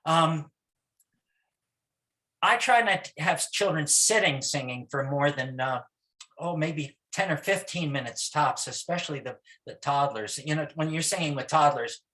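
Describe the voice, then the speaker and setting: A middle-aged man, a music teacher, giving a gentle and encouraging talk on songs for young children. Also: fairly high pitch, a little slow.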